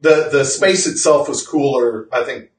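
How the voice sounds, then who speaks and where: A podcast co-host chats casually, rambling, correcting himself, and laughing often. His medium-pitched voice comes at a measured pace from far off-mic, giving a roomy sound.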